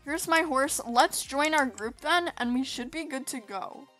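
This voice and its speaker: High-voiced woman, bright tone, sleepy, chatty and giggly, casual gameplay chatter. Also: unhurried, soft background music. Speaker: gaming video host.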